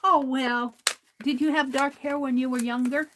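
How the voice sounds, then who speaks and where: An older woman with a fairly high voice chats slowly and easily as she crafts on a livestream. She talks to herself about her work and answers her viewers, laughing often. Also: background noise. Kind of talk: casual crafting chat while reading viewer comments.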